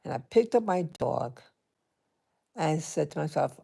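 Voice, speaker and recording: Deep, gravelly woman vlogger. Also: lively intonation, dark tone. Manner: hesitant, halting, with many restarts. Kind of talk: casual personal storytelling to camera.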